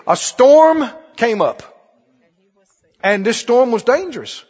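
A man's voice: very high-pitched, very animated, slow, a little mellow, slightly rough, big-room sound, dull audio. A man preaching a sermon, firing repeated questions at his congregation. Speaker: pastor.

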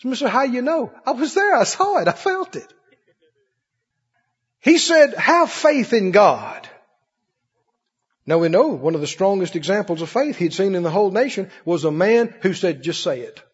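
A preacher in a big church hall, his high voice leaping all over the place as he shifts between ringing cries and hushed asides. His tone is husky. The recording sounds muffled and carries a long hall echo. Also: big pitch swings, moderate pace. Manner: preacherly call-and-response, swinging from loud high cries to low murmurs. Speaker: pastor. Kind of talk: sermon.

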